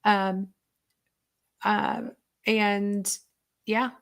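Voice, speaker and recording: A young woman hosts a casual online chat and answers viewer questions. She talks in a chatty, rambling way, full of fillers and restarts, at an ordinary middle pitch. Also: level tone, very slow, a bit bright, smooth. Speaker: host and diet coach.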